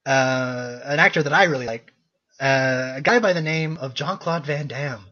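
A man's voice: medium pitch, moderate pace, sharp tone, lo-fi sound. A man co-hosting a casual movie podcast, rambling with lots of fillers and self-corrections. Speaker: podcast co-host.

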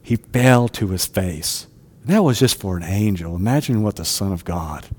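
A man's voice: on the low side, expressive, normal speed, darkish tone, big-room sound. A man preaching a sermon in a conversational way, often asking his listeners rhetorical questions.

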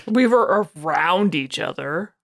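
A woman's voice: low-pitched, lively intonation, takes it slowly, creaky, a bit bright. A woman co-hosting a podcast in casual chat. She makes blunt, dry remarks and swears casually. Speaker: podcast co-host.

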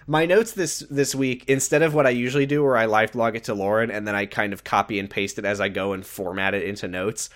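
A man co-hosting a casual podcast chat, animated and quick to act out quoted lines. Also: lowish voice. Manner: animated, jumps into exaggerated quoted voices. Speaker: podcast co-host recapping a TV show. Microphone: headphones and mic, remote podcast setup.

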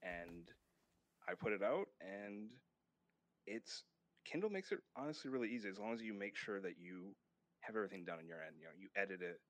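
A man's voice: fairly low pitch, sing-song, brisk. A man, a guest author, talking casually in an interview, rambling a little with fillers and restarts.

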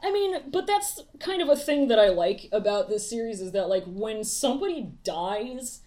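A woman's voice: a little high, lively intonation, normal speed, mellow. A woman co-hosting a casual chat, rambling and profane, often laughing as she recaps a show. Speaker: podcast co-host.

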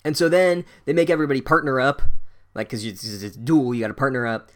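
Man, comedy recap, sarcastic, profane, deadpan asides, loud incredulous outbursts. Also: medium pitch, fast. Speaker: podcast host recapping a book.

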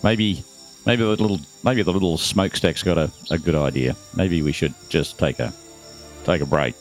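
A man's voice: low-pitched, moderate pace, soft background music. A man playing a tabletop game, offhand and often stammering. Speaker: player. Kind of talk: tabletop role-play.

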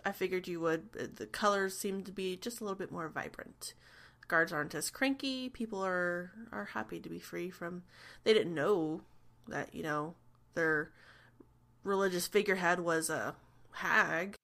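Bright-voiced woman running a tabletop game. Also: lowish voice, normal speed, creaky. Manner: relaxed, chatty, laughs often. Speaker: game master.

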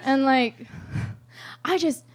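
High-voiced woman telling a rambling comic story. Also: slow pace. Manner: rambling, profane, laughs often. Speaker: storyteller at a live show.

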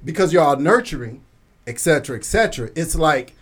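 A man in a casual group discussion, a father, talking in an animated way and acting out quoted voices. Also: a little high, fairly quick.

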